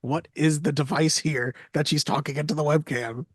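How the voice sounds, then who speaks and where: A man's voice: a little high, steady tone, normal speed, no echo, studio quality. A man co-hosting a film podcast, chatting casually with a wry, joking manner. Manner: wry, jokey, quotes lines in little voices. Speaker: podcast co-host. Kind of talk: casual chat.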